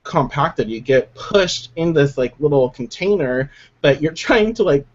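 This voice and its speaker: Man, higher voice, animated, swears a lot, joking, lo-fi dull sound. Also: a little slow. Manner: animated, profane, jokey. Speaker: podcast co-host. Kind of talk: casual chat. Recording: dull lo-fi home recording.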